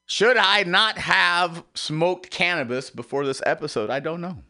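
A man hosting an internet radio show, talking in a rambling, emotional monologue that repeats itself and swings from loud outbursts to hushed asides. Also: on the high side, unhurried, creaky. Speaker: podcast host.

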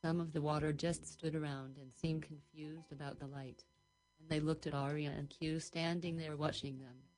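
Low-voiced woman telling a rambling story. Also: level tone, normal speed, darkish tone, low-quality recording. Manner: rambling, dreamy, run-on sentences. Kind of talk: improvised story narration.

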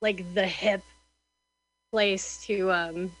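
A woman's voice: medium pitch, steady tone, extremely slow, low-quality recording. A woman hosting a radio show, chatting casually and rambling with many fillers and restarts. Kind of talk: casual chat.

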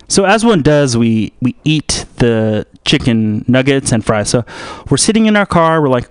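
A man hosting a radio show, rambling through a comic story in a deadpan way. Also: mid-range voice, slow pace, smooth, dry recording, studio quality. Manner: rambling, deadpan, full of fillers.

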